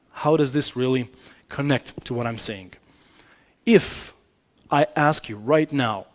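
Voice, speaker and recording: A man presenting a business communication talk at a conference, speaking straight to the audience in a conversational way, often correcting himself mid-sentence. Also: mid-range voice. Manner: conversational, addresses audience directly, frequent self-corrections. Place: conference stage.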